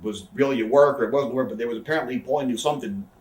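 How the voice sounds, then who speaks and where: A man in his thirties telling a backstage story in a casual interview, rambling, animated and swearing. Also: medium pitch, racing, echoey room, far from the mic, poor audio. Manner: rambling, animated, swears, acts out quoted voices. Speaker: interview guest, wrestler.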